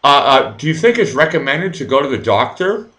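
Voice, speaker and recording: A man's voice: on the high side, very animated, a little fast, fairly bright tone. A man hosting a casual live-stream interview, hesitant and full of fillers, swearing casually. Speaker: host.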